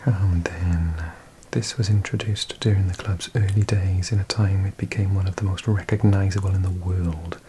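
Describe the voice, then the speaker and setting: A man with a Welsh accent, hosting an ASMR video and reading aloud in a slow, hushed mix of whisper and soft speech. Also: low voice, steady tone, slight background noise, poor audio. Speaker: ASMR host.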